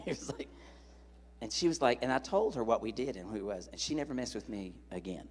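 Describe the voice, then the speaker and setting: A man's voice: medium pitch, a little fast, in a large hall, slight background noise. A middle-aged male evangelist preaching a sermon in a church, telling folksy stories and joking with the congregation. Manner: folksy, animated, jokes with the congregation. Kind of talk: sermon with storytelling.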